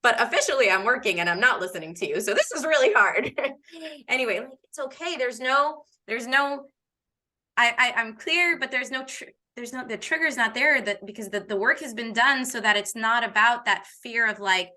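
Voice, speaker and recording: A woman in her thirties hosts a relaxed chat with a bright, higher voice. She tells stories in an animated way, laughing often and acting out the dialogue in them. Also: a little fast. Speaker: host. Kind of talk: casual conversation.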